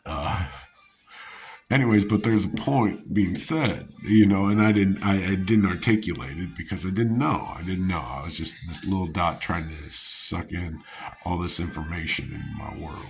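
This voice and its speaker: A man's voice: sits low, normal speed, faint music behind. A man vlogging, telling a rambling personal story with chuckles, fillers and restarts.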